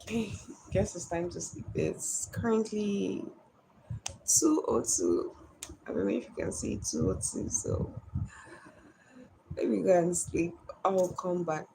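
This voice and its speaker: A woman's voice: on the low side, very animated, takes it slowly, vocal fry, pauses often, mellow, slight background noise, poor audio. Sleepy woman chatting on a live stream. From Nigeria. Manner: chatty, answers viewers by name, sleepy and yawning. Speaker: livestream host. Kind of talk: casual live stream chat, reading comments.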